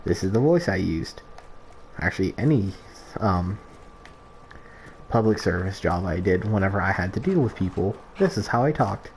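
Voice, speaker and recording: A man's voice: sits low, animated, moderate pace, creaky, long pauses, darkish tone, a little hiss or hum. A man streaming a video game, chatting casually and rambling with lots of "like" and restarts. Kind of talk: casual gameplay stream chat.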